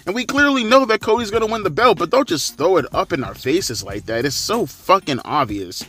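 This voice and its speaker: A man's voice: sits high, expressive, fairly quick, bright, forceful tone. A man in his thirties giving sarcastic, profanity-laced wrestling commentary in a ranting style. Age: 30s.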